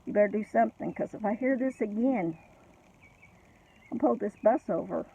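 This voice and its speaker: A man's voice: high-pitched, normal speed, vocal fry, dark tone, husky, exaggerated voice. A woman voicing a big, mean male bus driver who barks threats, over tinny phone-like audio. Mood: threatening. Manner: threatening, barking orders.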